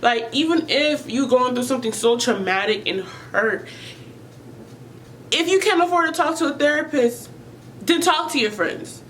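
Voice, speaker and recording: A woman's voice: high voice, lively intonation, moderate pace, fairly bright tone, slight background noise, rough recording. A woman vlogger talking earnestly and emotionally to her viewers about mental health, often repeating herself as she searches for words.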